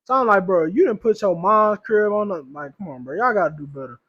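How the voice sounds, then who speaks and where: A man's voice: high-pitched, fairly quick, slightly rough, dull audio. A young man, co-hosting a casual podcast and telling slangy stories with frequent laughs. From Louisiana or Texas, US South. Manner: slangy storytelling, laughs often. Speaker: podcast co-host.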